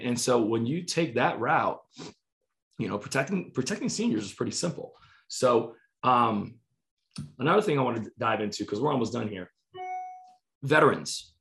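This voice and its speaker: A man's voice: medium pitch, fairly bright tone. A man training insurance agents in a casual online session, acting out client calls and often checking in with "right?". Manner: conversational, acts out client calls, frequent "right?" and "you know". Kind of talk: casual training talk to a live online audience.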